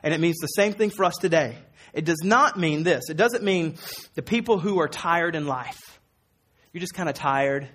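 Earnest high-voiced man preaching a sermon. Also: animated, normal speed, a bit bright. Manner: earnest and emphatic, quoting Jesus with rising force; conversational, with repeated words and fillers. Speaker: pastor.

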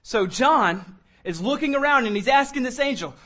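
A man preaching a sermon as pastor, reading scripture slowly and building from quiet passages to loud, emphatic ones. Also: very high voice, expressive. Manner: reads scripture slowly with weight.

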